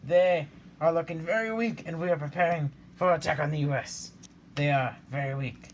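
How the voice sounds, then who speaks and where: A woman's voice: deep voice, moderate pace, slight background noise. A woman moderating a strategy board game with friends, laughing and hesitating as she calls on each player. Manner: laughs easily, hesitant restarts. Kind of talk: casual banter while playing.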